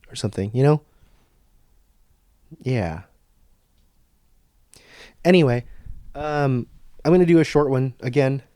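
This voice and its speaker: A man's voice: mid-range voice, darkish tone, no echo, clean studio sound. A young man hosting a casual solo podcast, rambling and cursing as he rants and laughs at his own jokes. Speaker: podcast host.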